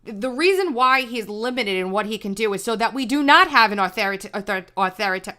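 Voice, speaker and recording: A woman's voice: mid-range voice, expressive, a little fast, bright, forceful tone. A woman hosting a news commentary livestream, talking emphatically in a ranting way with frequent restarts. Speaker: political commentary host.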